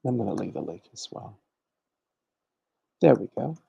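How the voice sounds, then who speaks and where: A man's voice: on the low side, big pitch swings, moderate pace, gravelly, warm tone, a little hiss or hum. A man hosting a casual livestream, chatting and teaching, greeting viewers by name and calling everyone honey. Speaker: livestream host and conjure teacher.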